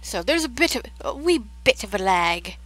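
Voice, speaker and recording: A woman's voice: medium pitch, sing-song, normal speed, fairly bright tone, no echo, rough recording. Woman, game livestreamer, casual chat, rambling, trails off. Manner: rambling and chatty, often trailing off while touring a build. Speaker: Minecraft livestreamer.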